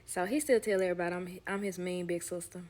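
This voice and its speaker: A woman's voice: lowish voice, quick pace. A woman nanny telling work stories in a casual, sassy storytime, acting out the people in them and dropping to a whisper for asides. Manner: animated, sassy, acts out quoted people.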